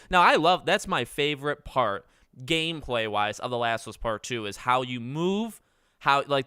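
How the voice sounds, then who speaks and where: A man's voice: medium pitch, pushed and bright, clean tone, no room sound, studio quality. A man in his twenties hosting a casual livestream, chatting with viewers in a rambling, self-correcting way. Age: 20s. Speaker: livestream host.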